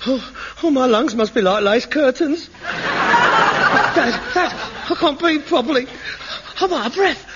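A melodramatic young son in a TV sitcom, whining and fussing over himself. His voice is high and bright and swoops up and down. The old TV recording sounds dull, with faint hiss. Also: big pitch swings, slow, long pauses, exaggerated voice. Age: young adult. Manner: theatrical, whining and self-dramatising. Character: hypochondriac grown son, melodramatic and self-pitying. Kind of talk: 1960s-70s TV sitcom acting.

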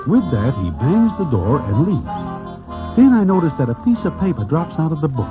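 An actor playing a wry Broadway storyteller who narrates in a formal present tense, in a 1940s radio drama. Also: male voice, fairly high pitch, very animated, normal speed, over loud music. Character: wry Broadway storyteller man, plain-spoken. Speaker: narrator and lead character. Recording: tinny old radio broadcast.

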